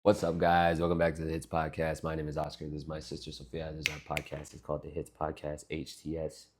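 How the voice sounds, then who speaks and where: A young man co-hosting a casual podcast with his sister, arguing in an animated, mock-outraged way. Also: very deep voice, fast talker, very noisy. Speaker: podcast co-host. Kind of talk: casual chat.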